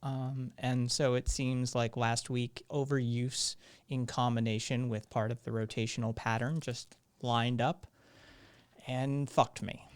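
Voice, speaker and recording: A man hosting a live stream, his voice still hoarse, talking in a rambling, sardonic way and swearing freely. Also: mid-range voice. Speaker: live-stream show host. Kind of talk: casual live-stream commentary.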